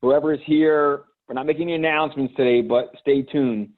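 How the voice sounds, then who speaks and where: A man's voice: on the high side, steady tone, a little fast. A man hosting a live video call, rambling and hesitant with lots of fillers. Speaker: host. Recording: tinny phone-like line.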